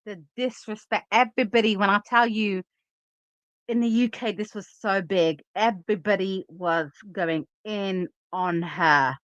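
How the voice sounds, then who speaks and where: A woman's voice: medium pitch, unhurried, no echo, highs cut off. A woman hosting a casual livestream, giving opinionated, emphatic commentary and reading out chat comments. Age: adult.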